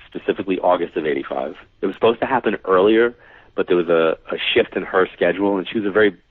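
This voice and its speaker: A husky, deep-voiced New Yorker in his forties, a psychic medium, talks quickly as a guest in a casual storytelling interview. He animatedly acts out the dialogue he quotes, and the line sounds dry and tinny, like a phone, with no echo.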